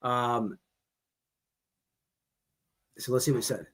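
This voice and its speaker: A man's voice: medium pitch, fairly even intonation, slow pace, a bit bright. A man hosting a casual commentary show, talking bluntly and rambling into ranting asides. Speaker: commentary host reacting to a livestream. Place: on a fast-food restaurant's wifi.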